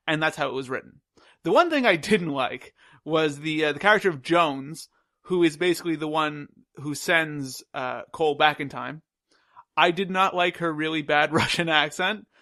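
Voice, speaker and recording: Podcast host, young man, bright tense voice, dry close mic, opinionated review chat. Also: fairly high pitch, dry recording. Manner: opinionated, quick, animated.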